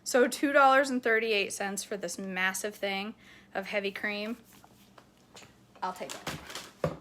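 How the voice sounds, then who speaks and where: A woman's voice: medium pitch, moderate pace, a bit bright, a little hiss or hum. A woman in her forties casually chatting through a grocery haul, rambling through asides and laughing easily. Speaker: vlogger showing grocery haul. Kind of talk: casual chat.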